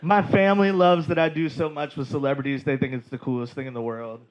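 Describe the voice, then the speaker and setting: A high-voiced male comic from Georgia does stand-up storytelling on a comedy club stage mic, lively, wry and profane. He talks quickly and animatedly, and the audio sounds dull.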